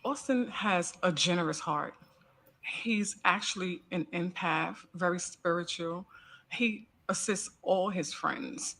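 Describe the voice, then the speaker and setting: Bright-voiced woman testifying earnestly. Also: fairly low pitch, slow, creaky. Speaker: character witness. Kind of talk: courtroom testimony. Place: courtroom.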